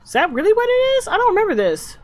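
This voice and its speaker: A woman's voice: extremely high pitch, huge pitch swings, quick pace. A woman hosting an anime reaction video, chatting casually and drowsily, swearing and trailing off. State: drowsy, yawning.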